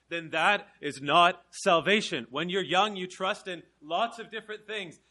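A young Canadian man with a high-pitched voice preaches an evangelistic sermon, swinging between soft, slow emphasis and loud, driving proclamation.

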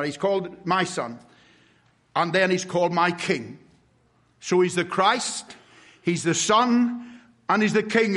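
High-voiced preacher man, emphatic. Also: a bit bright. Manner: emphatic, with slow drawn-out stresses and rhetorical questions. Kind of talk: sermon.

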